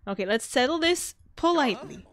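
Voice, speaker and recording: Excitable woman narrating her gameplay. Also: high voice, a little fast. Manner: excitable, jumpy, breaks into laughter and squeals. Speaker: gaming channel host. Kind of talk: casual gameplay commentary.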